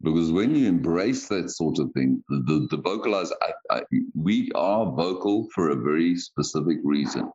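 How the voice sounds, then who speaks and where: A man's voice: low-pitched, expressive, moderate pace, few pauses, a little mellow, breathy edge. A man from Africa, co-hosting a podcast in casual chat, rambling and often stammering as he restarts his sentences. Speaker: podcast co-host. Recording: dull lo-fi podcast audio.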